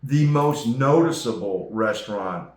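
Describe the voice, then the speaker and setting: A man hosting a travel vlog, chatting casually about restaurants in a relaxed, rambling way. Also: mid-range voice, measured pace, echoey room, a little hiss or hum. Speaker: host. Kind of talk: casual chat reviewing restaurants.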